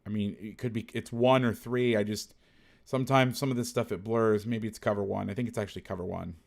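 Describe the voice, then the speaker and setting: A man's voice: on the low side, fairly even intonation, brisk, gravelly. Blunt man breaking down football film. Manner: blunt, thinks aloud, self-correcting, salty language.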